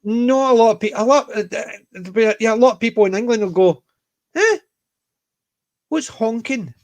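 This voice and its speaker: A man's voice: sits high, a little fast, darkish tone. A Scottish man co-hosting a casual panel chat, rambling and jokey, full of anecdotes. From Scotland. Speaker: podcast co-host.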